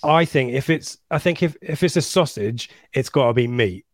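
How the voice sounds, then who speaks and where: A man's voice: mid-range voice, lively intonation, moderate pace, no echo. Chatty man hosting a podcast. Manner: chatty, rambling, laughs at himself. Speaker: podcast host. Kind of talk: casual football podcast chat.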